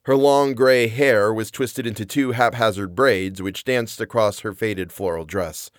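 A man's voice: lowish voice, measured pace, dry recording, clean studio sound. A man narrating a comedic first-person story in a wry, self-deprecating, rambling way.

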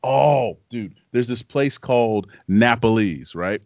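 A man co-hosting a podcast in casual chat, telling animated stories and laughing often. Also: medium pitch, slow, dry recording. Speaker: podcast co-host, former football player. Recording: dry, dull lo-fi sound.

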